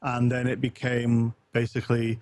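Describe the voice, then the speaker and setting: A man's voice: medium pitch, monotone, moderate pace, a little mellow, no echo. A man co-hosting a casual gaming podcast, rambling with lots of ums and reading a forum post aloud with wry asides. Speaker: podcast co-host.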